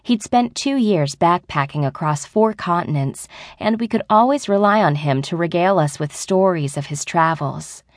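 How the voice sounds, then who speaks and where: Low-voiced woman audiobook narrator. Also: expressive, normal speed, few pauses, no echo, studio quality. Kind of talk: scripted first-person narration.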